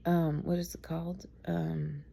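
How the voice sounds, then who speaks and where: A woman's voice: deep voice, level tone, measured pace, vocal fry, warm tone, breathy edge. A tired middle-aged woman telling a rambling, chatty story about her son late at night, laughing at it along the way. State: tired, speaking softly at night. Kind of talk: casual storytelling vlog.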